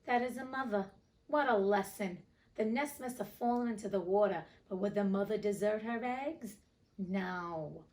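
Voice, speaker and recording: A woman's voice: medium pitch, normal speed, darkish tone, far from the mic, close to an everyday voice. A woman reading the part of a theatrical male pirate captain who speaks in dramatic, old-fashioned pirate talk. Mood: brooding. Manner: dramatic, archaic pirate speech.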